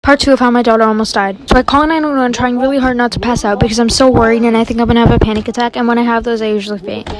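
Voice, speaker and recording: A young woman narrating a storytime fast, chatty and dramatic, acting out the quoted lines. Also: a little high, fairly even intonation, crowd noise.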